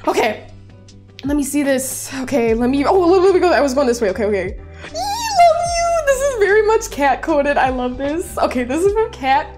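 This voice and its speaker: A woman's voice: high-pitched, lively intonation, fairly quick, a little mellow, faint music behind. A young woman in her twenties streaming and reading viewer messages aloud in a bubbly, gushing way. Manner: bubbly, gushing, squeals and laughs. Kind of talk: casual livestream chat, reading viewer messages.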